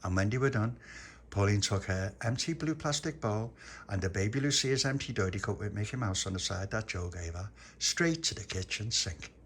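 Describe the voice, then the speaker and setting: A man telling a homemade bedtime story in a playful way, sometimes slipping into squeaky character voices. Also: normal speed, a bit bright, a little hiss or hum.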